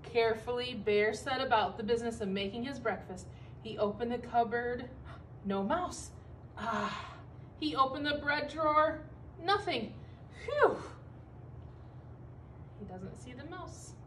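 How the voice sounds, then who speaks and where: Teacher reading a picture book aloud, a woman with a somewhat high voice, expressive, recorded from a distance. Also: slight background noise. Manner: expressive, pausing to comment for young listeners.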